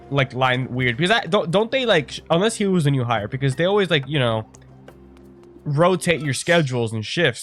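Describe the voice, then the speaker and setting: A man in his twenties chatting casually while playing a game, rambling and profane, venting with sudden loud outbursts. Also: on the high side. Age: 20s. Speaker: gaming streamer. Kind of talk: casual gameplay chat.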